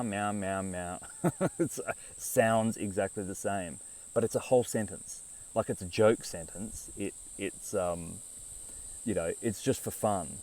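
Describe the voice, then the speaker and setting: A man's voice: deep voice, darkish tone, distant mic, low-quality recording. A man giving a rambling, conversational live talk, with frequent restarts and asides. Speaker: speaker on esoteric topics.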